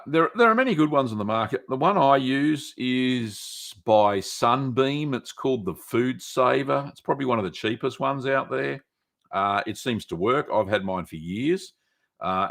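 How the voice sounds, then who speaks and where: A man's voice: medium pitch, expressive, unhurried, vocal fry, a bit bright. A man hosting a casual live stream, answering viewer questions with many ums and restarts. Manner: rambling, many ums and restarts, reads chat aloud.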